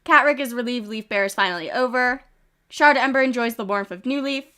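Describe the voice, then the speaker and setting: Slightly high-voiced streamer woman, congested. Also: a little fast, sharp tone, smooth. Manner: reads game events aloud with chatty asides and giggles. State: congested with a cough. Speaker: game streamer. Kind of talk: casual live-stream commentary. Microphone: desk microphone.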